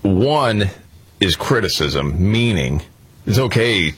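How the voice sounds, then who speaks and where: A man's voice: fairly low pitch, slow, slightly rough. A man hosting a radio show, chatting casually and telling stories with easy fillers. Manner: relaxed storytelling with fillers.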